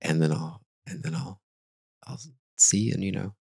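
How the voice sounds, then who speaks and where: A deep-voiced man in his forties talks through his thoughts on a podcast. His delivery is relaxed and searching, with hesitant restarts and sentences that trail off. The sound is dry and close. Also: a little slow, creaky, slightly rough, no room sound. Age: 40s. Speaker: podcast host. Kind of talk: casual reflective podcast chat.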